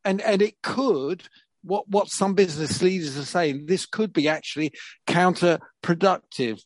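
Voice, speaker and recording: Older man, podcast co-host, chatty and wry, slightly high voice, dry close mic. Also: no echo, poor audio. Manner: chatty, laughs wryly, restarts phrases. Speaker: podcast co-presenter. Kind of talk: casual chat.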